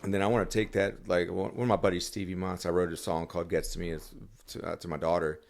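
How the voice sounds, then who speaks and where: A man's voice: deep voice, level tone, fast talker, gravelly. A man talking as a songwriter guest on a podcast, rambling casually with many restarts and fillers.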